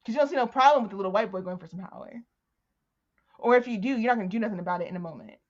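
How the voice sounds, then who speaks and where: A woman's voice: mid-range voice, racing. A woman co-hosting a podcast, chatting casually about a book and animatedly acting out the characters as she retells scenes. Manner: animated, acts out character voices while retelling. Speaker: podcast co-host. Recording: dull lo-fi sound.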